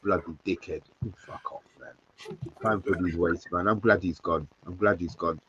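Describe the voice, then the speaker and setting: A man's voice: sits low, fairly even intonation, normal speed, background noise. A man, joining a live stream over a remote call, blunt and ranting with swearing. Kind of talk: casual live stream chat. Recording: dull lo-fi remote call audio.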